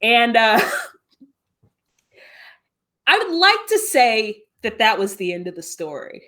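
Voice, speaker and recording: Woman guest spinning a story, kinda high voice, super animated, lots of "like"s. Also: slow. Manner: animated, laughing, full of fillers like "like". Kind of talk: casual storytelling.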